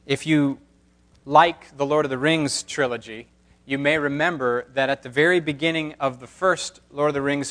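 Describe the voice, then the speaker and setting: A man's voice: mid-range voice, fairly bright tone. A man pastor reading scripture and preaching a sermon with emphatic, impassioned delivery.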